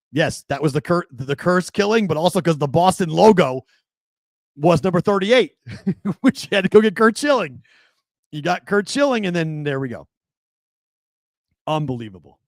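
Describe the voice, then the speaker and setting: Excitable sports radio host, dry studio. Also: male voice, on the high side, no echo. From New England. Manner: animated, excitable storyteller with many fillers and restarts. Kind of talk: casual sports talk storytelling.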